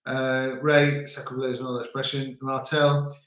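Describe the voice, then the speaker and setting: A man's voice: medium pitch, little pitch movement, moderate pace, fairly bright tone, reverberant. A man from the UK casually chatting on a livestream, joking and reading out viewer comments. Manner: jokey, reads out viewer comments. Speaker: livestream host.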